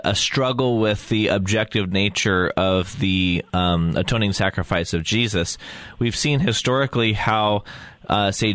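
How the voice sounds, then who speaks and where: A man hosting a podcast, asking thoughtful, halting questions about theology. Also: fairly low pitch, a bit bright, dry recording. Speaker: podcast host.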